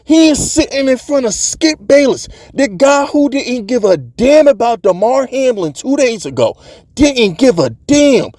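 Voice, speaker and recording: A man's voice: very high-pitched, very animated, a little slow, a little mellow, no echo. A man hosting his own sports channel, delivering a heated, fired-up commentary rant in streetwise slang.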